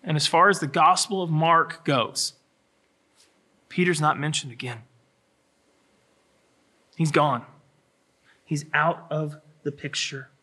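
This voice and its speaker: Male pastor, sermon, bright tone, slightly high voice, dramatic scripture voicing. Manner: dramatic voicing of scripture, swinging from hushed to shouting.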